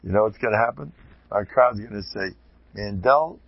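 Guy giving a loose torah talk, gravelly and kinda raspy, jumps around a lot, muffled lo-fi sound. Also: fairly low pitch, a little fast. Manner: animated, digressive, chuckling asides. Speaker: religious lecturer. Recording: dull lo-fi recording.

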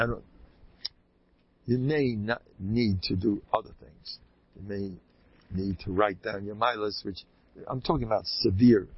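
A man, a rabbi, giving an informal Torah talk to a live audience, animated and folksy, often leaping high in pitch for emphasis. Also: creaky, slightly rough. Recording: dull lo-fi recording.

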